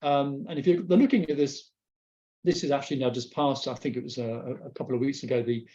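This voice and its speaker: A man gives a webinar presentation over his slides, his voice mellow and rather dark. He talks haltingly, circling back and repeating words as he hunts for the next phrase. The webcast audio is dull and lo-fi. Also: medium pitch. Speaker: guest speaker presenting slides. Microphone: remote webcast mic.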